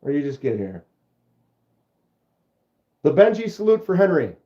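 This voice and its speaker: In an unhurried, sing-song voice on the high side, a man hosts a knife channel livestream, casually reading viewer comments and joking. He often breaks into giggles, and the audio has a dark, reverberant quality with the highs cut off.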